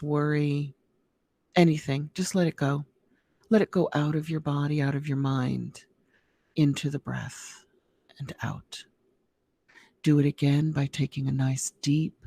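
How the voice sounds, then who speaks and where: A woman hosting an online show, guiding a slow, soothing meditation with a slight frog in her throat. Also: deep voice, mellow, husky, dry recording. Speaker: host. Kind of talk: guided meditation and casual chat.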